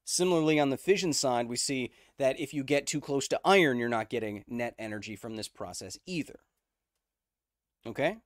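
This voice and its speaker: A man's voice: mid-range voice, lively intonation, moderate pace, no echo, clean studio sound. A man hosting a casual livestream, explaining science conversationally, checking in with viewers and answering their chat messages. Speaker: host.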